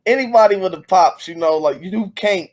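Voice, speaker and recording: Relaxed man chatting about a movie. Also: sits high, moderate pace. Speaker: podcast co-host. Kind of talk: casual movie chat.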